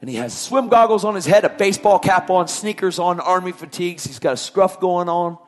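A man giving an emotional personal testimony, a dramatic storyteller who drops to hushed tones and then rises to shouting. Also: sits high, brisk. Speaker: testimony speaker.

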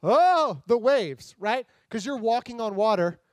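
High-voiced animated man preaching. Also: unhurried, clean tone, no echo. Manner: animated, jokey, acts out voices. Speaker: pastor. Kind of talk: casual sermon.

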